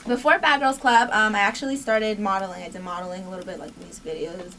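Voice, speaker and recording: A young woman chatting as a guest in an interview, bubbly and quick to laugh, jumping up in pitch when she quotes people. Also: fairly even intonation, a bit bright, distant mic. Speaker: reality show cast member, guest. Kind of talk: casual interview chat.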